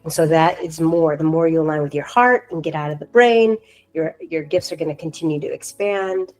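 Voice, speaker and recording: Low-voiced, upbeat woman. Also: a little fast, a little mellow, poor audio. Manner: upbeat, casual, encouraging.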